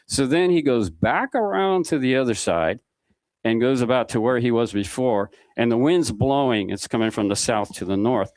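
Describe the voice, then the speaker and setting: A man's voice: medium pitch, moderate pace, darkish tone, dry recording. A man guest on a podcast, telling a rambling anecdote and acting out the dialogue as he goes. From Mississippi Gulf Coast. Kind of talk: casual storytelling.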